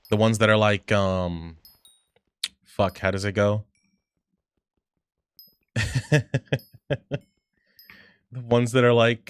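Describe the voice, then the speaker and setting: A man's voice: on the low side, a bit bright, no echo. A man livestreaming while gaming, chatting casually, reading chat aloud and reacting in a rambling, profane way.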